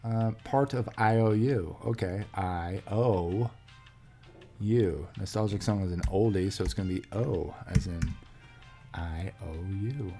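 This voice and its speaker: Male host, low-ish voice, slow casual puzzle chat with fillers. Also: mellow, soft background music. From USA. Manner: thinking aloud, many fillers and restarts. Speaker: crossword solver host. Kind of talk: casual solo puzzle commentary.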